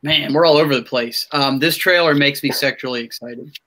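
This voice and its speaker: A man hosting a podcast in casual chat, excitable and rambling, with many restarts. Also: medium pitch, fairly quick. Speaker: podcast host.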